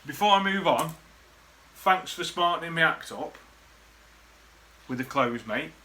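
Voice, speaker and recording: A man's voice: fairly high pitch, animated, measured pace, pushed and bright. A man, rambling through casual, sweary memories in a laddish way to the camera. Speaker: vlogger. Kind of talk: casual reminiscing monologue.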